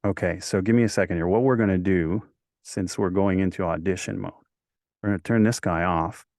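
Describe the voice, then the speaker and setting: A man's voice: low-pitched, steady tone, brisk, a little mellow, no room sound, studio quality. A man from Quebec, a voice actor talking casually as an interview guest and telling stories in a rambling, self-correcting way. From Quebec, Canada.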